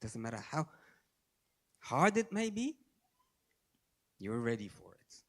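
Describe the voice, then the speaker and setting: A man's voice: big pitch swings, slow. Storytelling man giving a sermon. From Australia. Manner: storytelling, shifting between soft low asides and raised emphatic lines; sprinkles Arabic and Farsi religious phrases. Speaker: speaker at a religious gathering.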